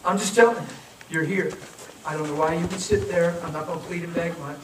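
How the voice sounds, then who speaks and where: A man preaching a sermon, telling a story and acting out the voices in it, then softly pleading with people to come forward. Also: on the high side, fairly quick. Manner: storytelling, acts out quoted voices, urgent then soft pleading. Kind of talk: sermon with altar call. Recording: echoey, from far off, faint noise.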